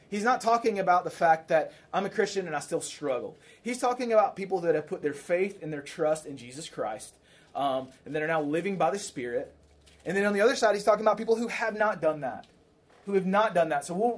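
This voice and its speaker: A man preaching a sermon to a congregation in a conversational way, asking questions, repeating key phrases and checking in with listeners. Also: sits high. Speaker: pastor. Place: church.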